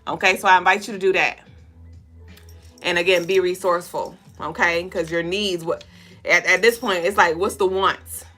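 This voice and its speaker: A woman hosting a casual spiritual reading livestream, talking straight to viewers in a loose, profane, animated way. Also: on the low side, normal speed, soft background music. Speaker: spiritual reader and co-host.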